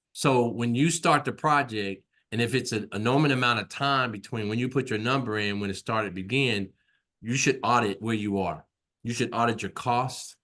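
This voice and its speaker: A man's voice: medium pitch, a bit bright. A man teaching an online class in a conversational way, repeating himself and often checking in with "right?". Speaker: instructor.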